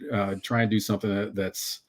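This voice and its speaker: A man co-hosting a livestream, telling an absurd anecdote with halting, deadpan delivery. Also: lowish voice. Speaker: stream co-host.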